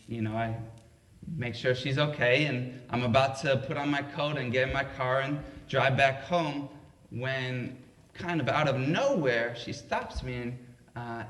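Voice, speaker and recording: A man telling a comedic story live in a conversational, unhurried way, with many fillers. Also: mid-range voice, fairly bright tone. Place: library event room. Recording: echoey library room.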